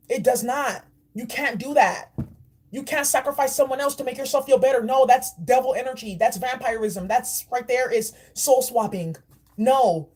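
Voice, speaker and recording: A woman's voice: sits high, a little mellow, slightly rough. A woman giving a spiritual oracle card reading in a blunt, preachy and profane way. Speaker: spiritual reader.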